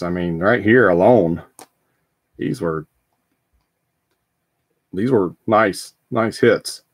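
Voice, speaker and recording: A man's voice: sits low, slightly rough, no room sound, clean studio sound. A man hosting a live trading card break, talking casually and rambling with frequent ums and restarts.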